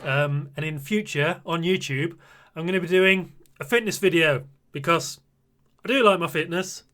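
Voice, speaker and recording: A man's voice: fairly high pitch, moderate pace, a bit bright. A British man in his forties, chatting casually and a bit flustered while live streaming. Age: 40s. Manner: chatty and flustered, laughing often.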